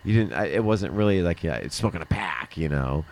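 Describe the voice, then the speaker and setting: A man's voice: deep voice, animated, a little fast, a little mellow. A middle-aged man hosting a livestream, telling a rambling personal story in casual chat, often laughing and swearing. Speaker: livestream host.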